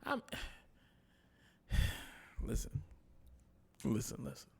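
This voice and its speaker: A man co-hosts a loose podcast chat and tells a story with a lively, swooping delivery. His voice has a gravelly edge, and he acts out each quote as he goes. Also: medium pitch, very slow. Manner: animated storytelling, acting out quotes. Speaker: podcast co-host. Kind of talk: casual chat.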